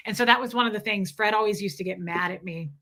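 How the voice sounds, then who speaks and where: Woman, 30s, vlogger; bright, tense tone; animated, candid storyteller who swears at times. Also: medium pitch, quick pace. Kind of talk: casual storytelling to viewers.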